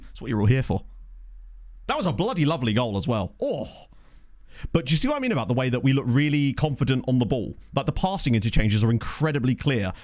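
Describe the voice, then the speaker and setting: A man giving chatty, excitable live commentary on a football management game he is playing. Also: fairly high pitch. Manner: excitable, chatty, thinks aloud. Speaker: video game streamer.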